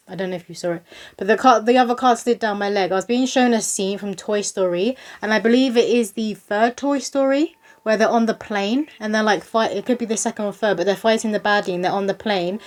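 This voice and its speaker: Woman host, relaxed psychic reading to viewers, loose and rambling delivery, mid pitch. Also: a little fast. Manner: chatty, rambling, with many likes and ums. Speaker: psychic reader. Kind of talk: casual spiritual reading to camera.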